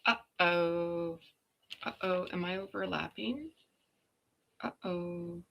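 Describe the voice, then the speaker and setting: A woman's voice: lowish voice, slow, creaky, a bit bright. A middle-aged Canadian woman hosting a casual livestream, chatty and exclaiming often, greeting viewers by name. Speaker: livestream host.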